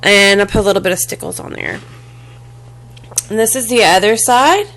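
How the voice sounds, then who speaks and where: A woman casually showing a handmade craft box and mini album to the camera, halting often with fillers and restarts and apologizing as she handles things. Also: medium pitch, a bit bright. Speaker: crafting vlogger. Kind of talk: casual show-and-tell craft demo.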